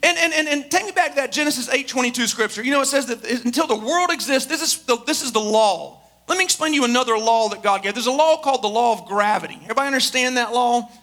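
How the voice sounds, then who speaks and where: High, bright-voiced preacher giving a sermon. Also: male voice, quick pace, few pauses. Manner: emphatic, rhetorical questions, repetition. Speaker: pastor.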